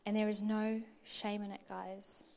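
A woman preaching in an earnest, conversational way, sometimes dropping to a soft, near-whispered delivery. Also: medium pitch, little pitch movement, unhurried, vocal fry. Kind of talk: conversational sermon.

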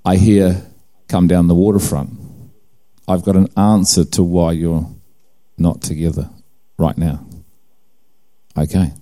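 Low, mellow New Zealand man preaching. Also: flat delivery, a little slow. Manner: storytelling, acts out dialogue, self-mocking humor. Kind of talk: personal testimony sermon.

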